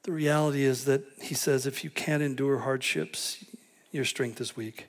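A man's voice: mid-range voice, fairly even intonation, normal speed. A man preaching a sermon, telling stories and acting out quoted voices with animation. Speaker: pastor.

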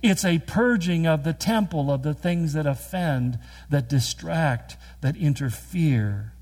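A man preaching a sermon, earnest and emphatic, with quick storytelling asides. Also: fairly high pitch, darkish tone. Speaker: pastor.

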